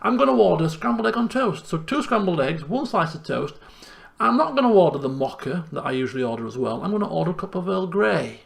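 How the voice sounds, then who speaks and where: A young man chatting casually in a diary vlog, lively and self-deprecating. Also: on the high side, fairly quick, vocal fry. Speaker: vlogger.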